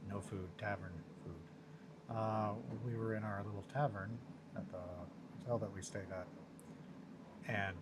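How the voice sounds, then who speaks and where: A man's voice: on the low side, heavy background noise. A man chatting casually and rambling with viewers from his home studio, self-mocking and swearing now and then. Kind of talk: casual chat.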